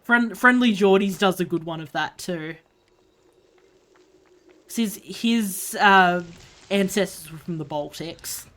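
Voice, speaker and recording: A woman's voice: lowish voice, slow, long pauses, fairly bright tone. A woman from Australia with an Australian accent, chatting bluntly and swearing freely while she streams a game. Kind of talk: casual chat while gaming.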